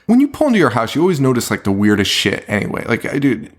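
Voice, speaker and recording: A man's voice: mid-range voice, huge pitch swings, quick pace. A man co-hosting a podcast, chatting casually and swearing a lot as he recaps a movie's plot with acted-out quotes. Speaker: podcast co-host.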